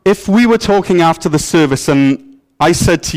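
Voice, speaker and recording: A man's voice: on the high side, lively intonation, normal speed, a little mellow. A man preaching a sermon as pastor, in a playful, joking storytelling manner. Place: church.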